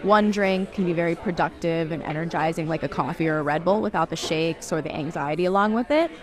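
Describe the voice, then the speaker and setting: A woman's voice: lowish voice, fairly quick, crowd noise. A woman who owns a bar, speaking casually in an interview with frequent ums. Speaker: bar owner. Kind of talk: interview soundbites.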